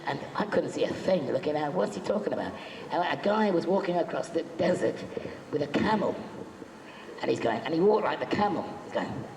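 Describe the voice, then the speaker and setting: A man's voice: on the high side, animated, a little fast, creaky, a little mellow. A man telling jokey, chatty anecdotes as a guest on a convention panel, acting out the quotes in his stories. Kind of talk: anecdotal storytelling to a live audience. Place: convention hall. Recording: echoey hall, faint background noise.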